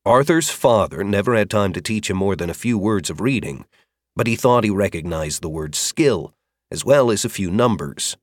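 A man narrating an audiobook fantasy chapter with expressive, varied storytelling. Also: lowish voice, moderate pace, dry recording, studio quality. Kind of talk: scripted narration.

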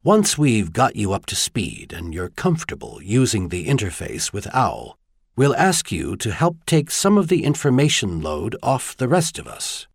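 A man's voice: fairly low pitch, very animated, moderate pace, creaky, slightly rough, no echo, studio quality, heavily acted. A man voicing a tall, kindly advisor in an audiobook, earnest and lightly wry.

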